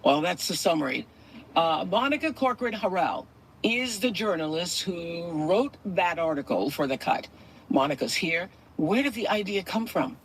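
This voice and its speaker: A woman's voice: lowish voice, lively intonation, normal speed, slight background noise, poor audio. A woman hosting a talk podcast who tells a story in a conversational way before bringing in her guest. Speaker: podcast host. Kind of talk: hosted talk show.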